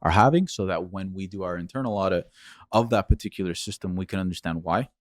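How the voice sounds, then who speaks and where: A man, a guest entrepreneur on a podcast, explaining his work in a steady, practical way. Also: low-pitched, quick pace, no room sound, studio quality. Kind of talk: casual interview chat.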